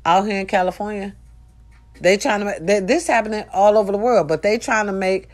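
A woman hosting a morning chat in her just-woke-up voice, her pitch sitting in a middle range. She lectures her followers in a blunt, preachy way, cursing freely and tossing out call-and-response lines. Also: brisk. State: early morning voice. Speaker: morning show host. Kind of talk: casual morning talk to followers.

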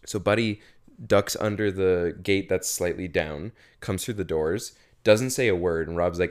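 A man's voice: sits low, a little slow. A man co-hosting a casual podcast, retelling a story with swearing and acted-out quotes. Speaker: podcast co-host.

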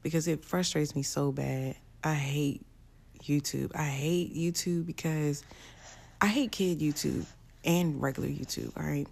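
A woman's voice: sits low, unhurried, creaky, darkish tone. A young woman, ranting bluntly and profanely to camera in a casual vlog. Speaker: vlogger.

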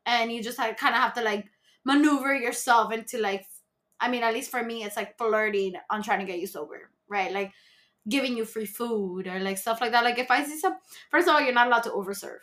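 A woman's voice: a little high, brisk, fairly bright tone. A woman who works as a restaurant server, chatting casually as a podcast guest about handling drunk customers. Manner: chatty, explains plainly, frequent fillers.

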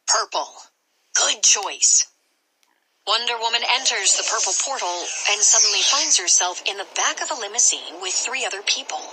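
A woman narrating an interactive storybook adventure in an expressive way, pausing dramatically before each choice. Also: a little high, noisy background.

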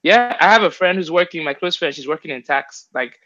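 A man's voice: a little high, animated, brisk, pushed and bright. Young guy chatting loosely, lots of ums and likes, kinda muffled lo-fi sound. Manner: rambling, many fillers and restarts. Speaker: guest. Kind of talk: casual interview chat. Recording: dull lo-fi sound.

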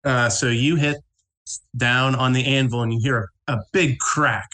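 A man running a tabletop game as game master, narrating haltingly and laughing often. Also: medium pitch, fairly even intonation, sharp tone.

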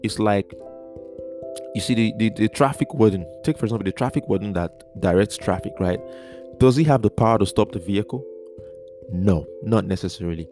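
A man with a fairly low voice teaches from the Bible on a podcast, earnest and repetitive. He often circles back over a point and spells out key words letter by letter. Guitar music plays clearly behind him. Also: brisk.

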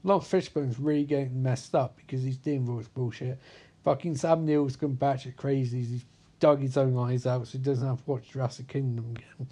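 A man's voice: medium pitch, steady tone, a little fast, dark tone. A man giving a rambling, profanity-heavy comedic recap of a film, often losing track of character names.

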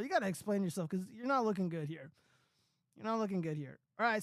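A man's voice: sits high, no room sound, studio quality. A man hosting a casual commentary stream, reading news and chat comments in a loose, profane, rambling way with lots of fillers.

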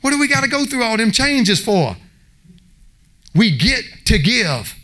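A man's voice: extremely high pitch, very animated, measured pace, pushed and bright. A man preaching a passionate sermon, acting out little voices as he goes.

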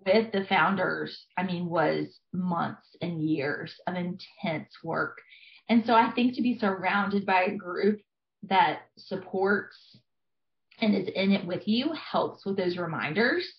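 A woman's voice: on the low side, takes it slowly. A woman in her thirties, a family therapist, explaining things earnestly in a conversational interview with frequent fillers. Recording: echoey, dull lo-fi sound.

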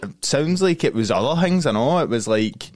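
A man's voice: mid-range voice, lively intonation, moderate pace, a little mellow. A young Glaswegian man co-hosting a podcast in casual chat, swearing freely, laughing often and rambling through anecdotes. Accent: Glaswegian Scottish. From Glasgow, Scotland. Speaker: podcast co-host.

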